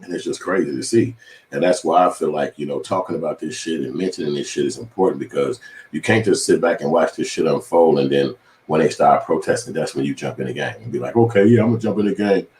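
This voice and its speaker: A man's voice: extremely low pitch, fast talker, a little mellow, reverberant. A man giving heated, profane commentary on the news, talking in an impassioned rant.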